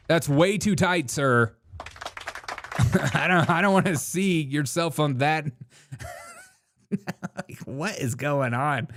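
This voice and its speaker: A man's voice: medium pitch, a bit bright, a little hiss or hum. Laughing mocking male show host. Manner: mocking, laughs often, calls people dude. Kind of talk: casual live commentary show.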